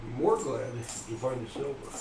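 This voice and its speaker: A man's voice: medium pitch, moderate pace. A middle-aged man hosting a coin-hunting livestream in a folksy, chatty way. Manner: chatty, folksy, laughs at his own jokes. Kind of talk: casual live-stream chat. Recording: echoey room, from far off, noisy.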